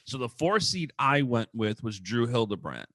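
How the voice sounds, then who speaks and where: A man co-hosting a podcast, chatting casually and animatedly with frequent restarts. His voice is bright and forward. The sound is dry and close, with little room around it. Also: medium pitch, dry recording. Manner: quick, animated, full of "like" and restarts. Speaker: podcast co-host. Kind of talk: casual chat about wrestling.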